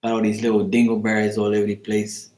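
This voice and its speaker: A man's voice: fairly low pitch, monotone, fast talker, a little mellow, reverberant. A man hosting a casual livestream as a card reader, rambling and joking with some profanity. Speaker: card reader and channel host.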